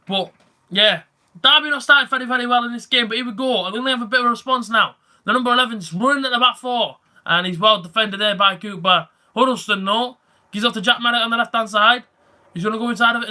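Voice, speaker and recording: A man's voice: high voice, sharp tone. A young man giving casual live football reaction commentary, rambling and chatty with his viewers and livening up at big chances. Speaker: live match reaction streamer.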